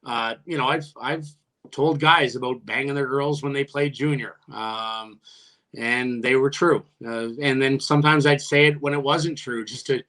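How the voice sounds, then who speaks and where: A man's voice: steady tone, normal speed, sharp tone. A man, a retired hockey player, telling profane stories in a casual podcast chat, laughing and restarting often. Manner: jumps much higher when quoting his own taunts.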